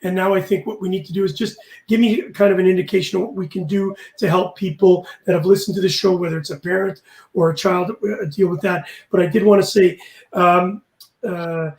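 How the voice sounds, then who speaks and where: A man's voice: sits high, steady tone, fairly quick, vocal fry, a little mellow, reverberant. A man hosting a casual live chat show, telling heartfelt stories and getting emotional. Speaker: host.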